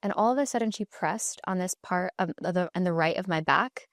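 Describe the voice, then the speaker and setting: A woman hosting a podcast, chatting in a relaxed, casual way with frequent "like" fillers. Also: lowish voice, fairly quick, dry recording, clean studio sound. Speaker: podcast host.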